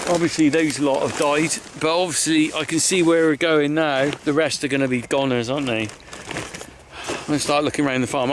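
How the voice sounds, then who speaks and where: A man's voice: mid-range voice, a little hiss or hum. A middle-aged man, a farmer vlogging outdoors by his hedgerows, talking in a chatty, heartfelt, rambling way with sighs. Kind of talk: casual walk-and-talk vlog.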